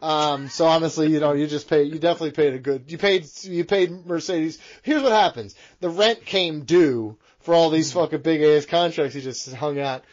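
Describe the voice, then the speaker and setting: A man co-hosting a wrestling podcast, talking in rambling, excitable banter and swearing a lot. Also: on the high side, normal speed, hardly any pauses, muffled recording. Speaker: podcast co-host. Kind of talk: casual profane wrestling banter.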